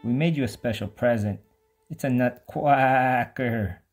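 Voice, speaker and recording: A narrator reading as a friendly farm sheep in a children's storybook. The voice is eager and friendly, with soft music faintly behind. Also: mid-range voice, unhurried, pitched below the performer's own voice. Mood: cheerful. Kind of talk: children's storybook read-aloud.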